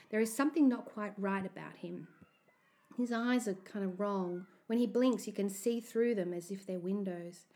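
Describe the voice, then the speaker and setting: Brief: a woman narrator reading a children's story with expressive, anxious delivery. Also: medium pitch. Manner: expressive, anxious first-person telling.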